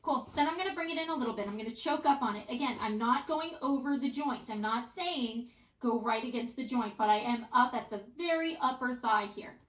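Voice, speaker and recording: Encouraging woman Pilates instructor, high voice. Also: brisk. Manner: calm, encouraging cues with frequent "right?". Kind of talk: follow-along workout instruction. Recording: echoey room.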